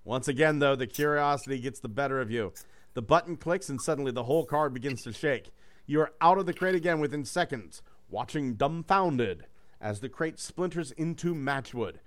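A man's voice: mid-range voice, animated, normal speed. A man reading a choose-your-own-adventure book aloud to friends, with loose, joking and profane asides. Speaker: reader running a gamebook for friends.

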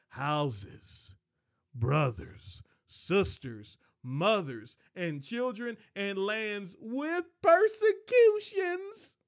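A man preaching a sermon, emphatic and repetitive, his voice leaping from low stresses to high shouts. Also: dry recording, clean studio sound.

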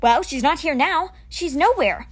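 A woman reading a storybook aloud, voicing a worried, blunt teenage boy who speaks loudly and insistently. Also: sits high, lively intonation, measured pace, voice pushed up. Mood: agitated.

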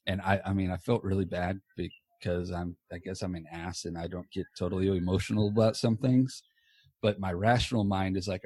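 A man hosts a podcast from a small home office, rambling in a loose, casual way and dropping the odd swear word. His voice sits a little low. The sound is dry and close, with no room echo. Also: steady tone, a little fast, darkish tone. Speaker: podcast host. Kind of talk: casual chat. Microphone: earbuds.

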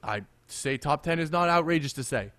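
Guy on a sports podcast, kinda high voice, super dry close mic, gets excited and laughs a lot. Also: brisk, dry recording. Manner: animated, laughs often, repeats himself. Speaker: podcast co-host. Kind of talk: casual sports chat.

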